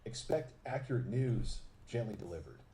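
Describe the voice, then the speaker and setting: A synthetic male voice playing a dry-witted robot assistant, deadpan and terse. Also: lowish voice, normal speed. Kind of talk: text-to-speech robot voice.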